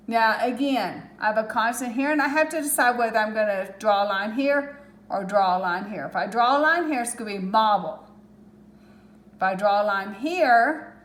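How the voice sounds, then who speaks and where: A woman's voice: mid-range voice, reverberant. A woman teaching a phonics lesson to children, patient and step by step, stretching out the sounds of words. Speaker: reading teacher.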